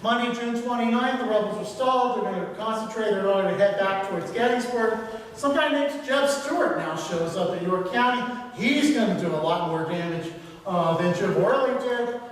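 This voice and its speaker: A man with a high-sitting voice speaks at normal speed, giving a conversational local history lecture sprinkled with fillers. The recording was made from a distance in an echoing hall with faint ambient sound.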